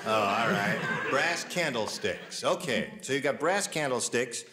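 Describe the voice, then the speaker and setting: A man hosting a 1970s television game show with jokey, animated patter, heard in old studio audio. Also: medium pitch, a little slow, very noisy. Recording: archival 1970s TV studio sound.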